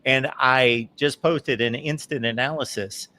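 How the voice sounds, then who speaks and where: Bright-voiced male sports talk host. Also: mid-range voice, measured pace, slight background noise. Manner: emphatic, opinionated commentary. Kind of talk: live postgame sports talk.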